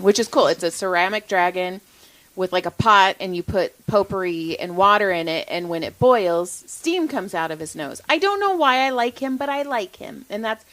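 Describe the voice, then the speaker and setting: A woman's voice: mid-range voice, expressive, normal speed, fairly bright tone, low-quality recording. A woman co-hosting a casual podcast, telling stories about her family in a chatty way, with some swearing. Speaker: podcast co-host. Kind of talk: casual chat.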